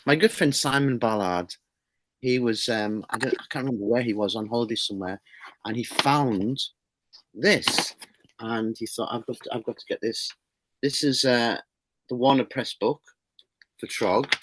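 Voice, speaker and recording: A noisy background surrounds this middle-aged man's medium-pitched voice as he talks a little slowly. He publishes a horror magazine and, as a guest in a casual interview chat, rambles enthusiastically with frequent restarts.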